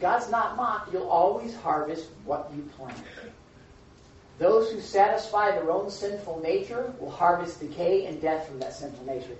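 Male pastor mid-sermon, emphatic and animated, with a dull, faintly noisy church recording. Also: sits high. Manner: animated, emphatic preaching with repeated words. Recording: echoey hall from a distant, dull mic.

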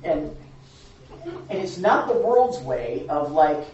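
A woman preacher gives a candid, conversational sermon, often restarting her sentences, in a low-pitched, darkish voice with big pitch swings. She speaks slowly with long pauses. It was recorded from a distance in a church hall, sounding echoey and dull.

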